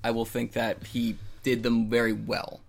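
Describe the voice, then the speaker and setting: A man's voice: medium pitch, completely flat delivery, a little slow, vocal fry. A young man co-hosting a podcast in casual chat, eager and rambling with lots of fillers. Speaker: podcast co-host.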